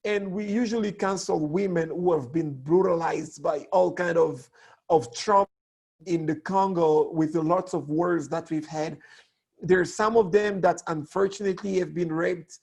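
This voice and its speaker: A man teaching a lesson on public speaking, hoarse with a cracked voice, talking in an animated way that swoops between high and low tones. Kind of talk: online lesson.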